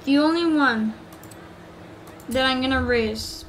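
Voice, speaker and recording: A woman commenting on a driving game, joking and bursting into excited shouts. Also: high-pitched, slow pace, slight background noise. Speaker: gamer. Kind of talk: gameplay commentary. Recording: game audio mixed under voice. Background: game engine sounds.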